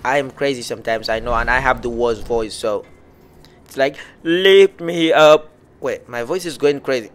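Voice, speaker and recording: A man giving excitable live gameplay commentary, talking to himself and his viewers with frequent exclamations. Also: mid-range voice, a little fast. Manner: excitable, lots of exclamations and self-talk. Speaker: gameplay streamer.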